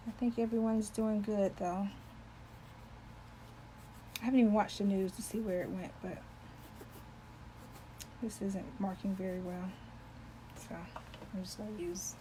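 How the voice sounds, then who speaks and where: Chatty lady doing a live crafting demo, kinda high voice, greets everyone by name. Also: darkish tone, a little hiss or hum, low-quality recording. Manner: talkative, loves to chat with viewers; greets viewers by name while working. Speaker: embroidery livestream host.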